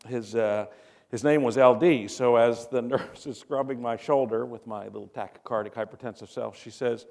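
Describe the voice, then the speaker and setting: A man's voice: medium pitch, moderate pace, gravelly, a little mellow. A middle-aged man, a physician, giving a conference talk in a joking, storytelling way and putting questions to the audience. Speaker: physician speaker.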